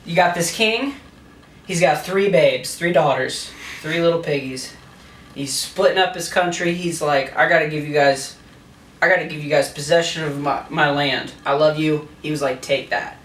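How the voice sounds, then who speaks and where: A man's voice: fairly high pitch, normal speed, a bit bright, echoey room, distant mic, slight background noise. A tipsy man rambling through a crude, laughing comic retelling of a play. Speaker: host.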